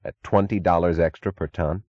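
A man voicing a cold steel magnate who bargains in an even, dryly mocking tone. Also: deep voice, moderate pace, dry recording, lo-fi sound.

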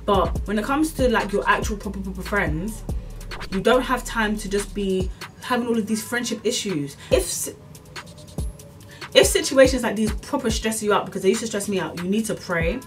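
Soft background music plays as a young woman vlogger speaks at a moderate pace in a medium pitch, picked up by a distant mic. Ranting casually to camera, she rambles, repeats herself, leans on fillers like "like" and "as in," and gives earnest, preachy encouragement.

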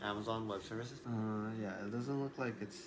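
A young man in casual chat, low-key and mumbling. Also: normal speed, background noise.

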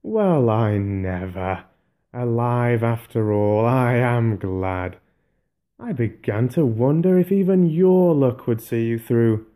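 A man voicing an old, wounded wizard who speaks slowly, drawing out his words. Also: mid-range voice, animated, mellow, voice pushed up. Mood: glad. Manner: slow, drawn-out exclamations.

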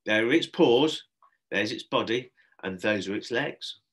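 A man's voice: animated, unhurried. A man reading aloud, voicing a cheerful, bossy woman astronaut who hosts a children's party. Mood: enthusiastic. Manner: bright, bossy teacherly voice, pitched up. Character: cheerful pink-haired woman astronaut party host, enthusiastic.

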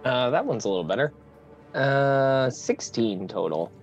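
A man's voice: medium pitch, lively intonation, measured pace, dull audio, faint music behind. A man playing a tabletop game, talking in a loose, offhand way. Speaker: player. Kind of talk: casual chat.

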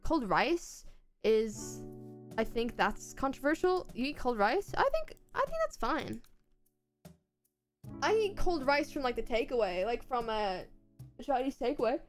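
Young Irish woman, rambling gaming streamer; fairly high voice, faint guitar music underneath. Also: sing-song, a little slow. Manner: rambling, chatty, playful asides. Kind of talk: casual chat while gaming.

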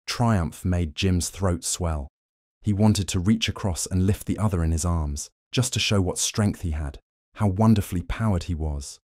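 A man narrating a short story as an audiobook, steady and even in his delivery. His voice sits very low, and the recording is close and dry with no room sound. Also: moderate pace, no echo. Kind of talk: scripted narration.

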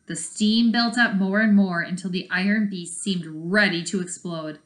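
A woman teacher reading a chapter book aloud and pausing to explain the story. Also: medium pitch, a bit bright. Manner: explains the story as she reads. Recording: echoey room.

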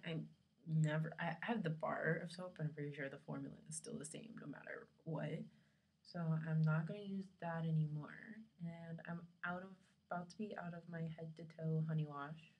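A woman's voice: low voice, steady tone, moderate pace, lo-fi sound. A young woman vlogging casually from her dorm room, rambling along with lots of fillers, her camera resting on her lap. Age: young adult.

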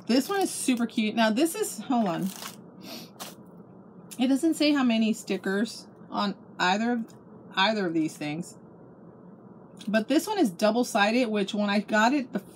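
A woman's voice: a little high, slight background noise. A middle-aged woman chatting casually at home about a craft haul, gushing and restarting her sentences. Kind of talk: casual show-and-tell chat.

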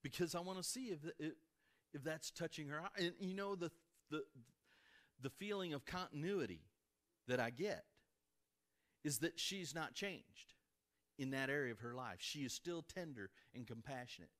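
Midwestern man, pastor mid-sermon; higher-pitched, highly animated, punchy highs and hushed asides. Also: moderate pace, pauses often. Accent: American Midwest. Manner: animated, rising to emphatic peaks and dropping to soft asides. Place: church sanctuary before a congregation.

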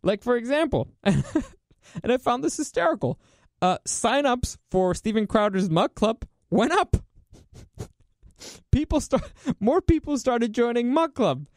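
A fired-up man hosts his own commentary show and rants hard, swearing often and pressing his points with emphasis. His voice sits high for a man. The recording is dry, with no room sound. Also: big pitch swings, a little slow, a little mellow, no room sound. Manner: ranting, profane, emphatic. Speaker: podcast host. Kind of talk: opinionated solo commentary.

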